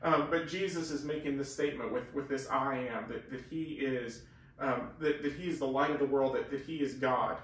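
A man's voice: medium pitch, normal speed, a bit bright. A man teaching the Bible in a casual, earnest way, explaining and leaning hard on key words. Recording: very echoey room, far from the mic.

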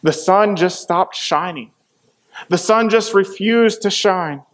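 High-voiced man preaching a dramatic retelling. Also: takes it slowly. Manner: dramatic, acts out the quoted voices. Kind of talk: sermon retelling scripture.

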